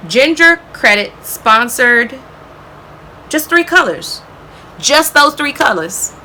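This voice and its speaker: A woman's voice: high-pitched, very animated, slow pace, pushed and bright, slight background noise. A woman beauty vlogger chatting enthusiastically about her favorite products, calling viewers y'all and girl and tagging sentences with "okay?". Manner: frequent "okay?" tags.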